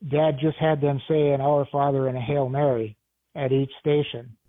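A man's voice: mid-range voice, little pitch movement, no room sound. Deacon man reminiscing, tinny phone-like sound. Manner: halting, many restarts and fillers. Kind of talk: interview recollection.

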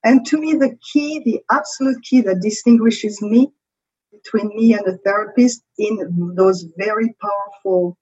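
A woman's voice: medium pitch, normal speed, darkish tone, husky, muffled recording. A woman with a French accent, a creativity coach, explaining ideas in a conversational interview and often checking in with "right?".

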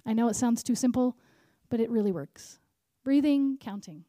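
A woman preaching at a conference, animated, repeating key lines and asking the crowd questions. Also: fairly high pitch, moderate pace, dry recording, studio quality. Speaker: conference speaker. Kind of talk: sermon.

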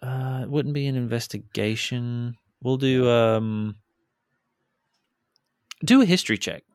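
A man serving as game master for a tabletop game speaks casually at a medium pitch, a little slowly, in clean studio sound with no room echo. He's hesitant, restarting often, using fillers and repeating words.

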